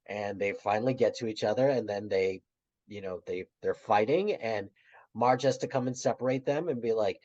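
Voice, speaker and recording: A man's voice: on the low side, moderate pace. Man retelling scenes on dull audio. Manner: retells scenes, trails off quietly. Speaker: podcast co-host. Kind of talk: casual chat.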